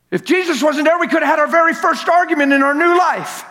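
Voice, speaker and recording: Male preacher, high voice, emphatic and repetitive delivery with shouted peaks; long church-hall reverb. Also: fast, hardly any pauses. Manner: emphatic, repeats words for effect, rises to shouting at climaxes; jokes with the crowd. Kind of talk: sermon.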